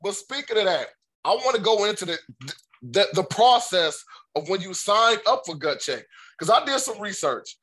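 A man's voice: high voice, sing-song, moderate pace, a bit bright. A man hosting a podcast, chatting casually in a friendly, slangy way and asking loose questions. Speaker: podcast host. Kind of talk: casual interview chat.

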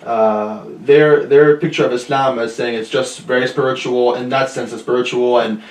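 A man's voice: mid-range voice, fairly even intonation, roomy sound, far from the mic, poor audio. A young man in his twenties, a podcast guest, talking earnestly and filling gaps with "you know". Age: 20s. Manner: quick, earnest, many "you know" fillers. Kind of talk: casual podcast chat.

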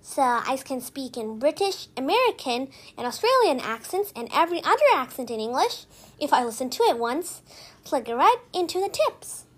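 A woman's voice: sits high, very animated, normal speed. A woman hosting her own podcast, giving upbeat, chatty tips and filling her talk with "like" and "so". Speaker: podcast host.

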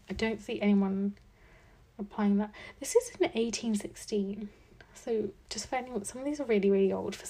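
A young woman in her early twenties hosts a solo podcast in a loose, chatty way, thinking out loud with lots of likes and ums. Her voice is husky and breathy, sitting at an ordinary middle pitch. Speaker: podcast host. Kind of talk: casual solo podcast chat.

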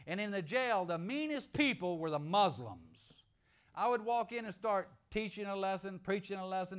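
A middle-aged man preaching a sermon in an animated, joking way, moving from quiet asides to loud outbursts. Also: high-pitched, smooth.

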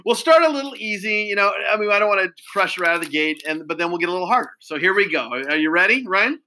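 A man's voice: sits high, lively intonation, quick pace, bright, forceful tone, slight background noise, poor audio. Upbeat man hosting a quiz. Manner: upbeat, praising, many fillers. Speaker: quiz host. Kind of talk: casual game quiz.

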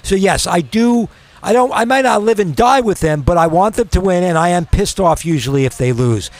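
A man's voice: high-pitched, lively intonation, fairly quick. Opinionated New sports radio guy. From New York. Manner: opinionated, emphatic, argumentative. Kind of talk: casual sports talk.

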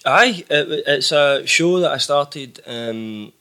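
A man's voice: a little high, lively intonation, takes it slowly, pushed and bright, smooth. A young Glaswegian man telling stories in a casual podcast chat, swearing now and then and laughing easily. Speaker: podcast guest, musician.

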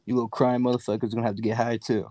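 Animated young man telling loud stories. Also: medium pitch, very fast, dry recording. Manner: animated storyteller, acts out voices, laughs often, swears freely. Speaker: podcast guest. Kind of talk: casual chat. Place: in a car.

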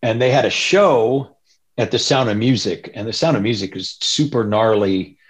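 A man's voice: on the low side, moderate pace. A man telling stories in a loose, rambling way, as a guest in an interview. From Northern California. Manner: rambling, loose, animated quoting of others. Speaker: interview guest, punk musician. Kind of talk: casual storytelling.

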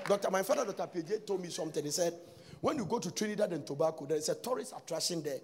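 Gravelly high-voiced preacher man. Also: racing. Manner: preaching with sudden shouts and sing-song lines. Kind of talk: sermon.

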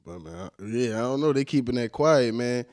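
A young American man co-hosting a casual chat, blunt and animated, with a lot of profane banter. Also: medium pitch, brisk, dry recording, clean studio sound. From United States.

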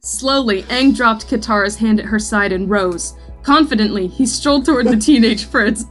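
Woman podcast host reading fanfic out loud, kinda high voice, amused, trips over lines, faint music. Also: normal speed. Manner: amused, laughs often, stumbles on lines. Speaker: podcast co-host reading fan fiction aloud. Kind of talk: comic read-aloud with banter.

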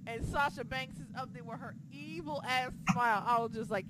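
Excitable foul-mouthed woman podcast host. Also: fairly high pitch, a little fast, hardly any pauses, background noise. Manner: excitable, profane, jumps between shouting and muttering. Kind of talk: casual recap chat.

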